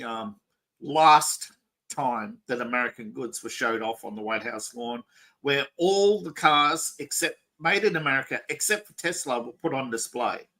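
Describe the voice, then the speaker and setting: A man's voice: mid-range voice, pushed and bright, low-quality recording. A man hosting a casual political talk show, rambling and opinionated, with frequent restarts. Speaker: podcast host.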